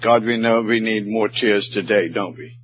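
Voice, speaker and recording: A man's voice: on the low side, steady tone, moderate pace. A man preaching a sermon, his voice swelling and falling with emotion. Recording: muffled sermon recording.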